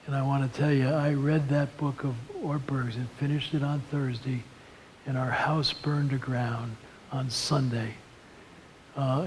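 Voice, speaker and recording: A man giving a talk at a seminary lunch seminar, telling stories in a folksy, animated way. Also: medium pitch, slight background noise, low-quality recording. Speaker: speaker at a seminar. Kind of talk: storytelling talk on leadership and faith.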